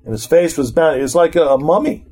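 A man's voice: a little high, animated, quick pace, mellow, breathy edge. A middle-aged man leading an informal Bible study, reading verses aloud and then commenting on them in a conversational way.

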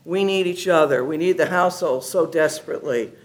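A woman giving a personal testimony to her church gathering, telling her story in an animated, enthusiastic way. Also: low-pitched, brisk. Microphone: handheld mic at a gathering.

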